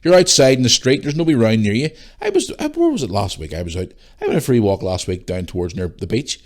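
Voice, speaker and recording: On his own casual podcast, a middle-aged Northern Irish host rants with blunt language and frequent swearing, tired and yawning throughout. He talks fast at a medium pitch, very animated.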